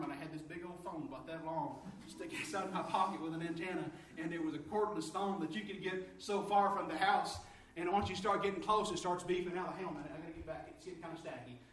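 A man preaching a sermon, telling stories with lively energy that climbs high and loud when excited. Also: a little fast, far from the mic, slight background noise. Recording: echoey room, from off mic.

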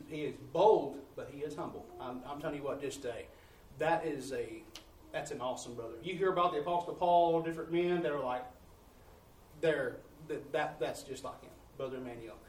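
A man's voice: a little high, moderate pace, a little mellow, a little hiss or hum. A man, a missionary preacher telling testimonies in a folksy sermon style, acting out the dialogue. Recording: echoey room, distant mic, faint ambience.

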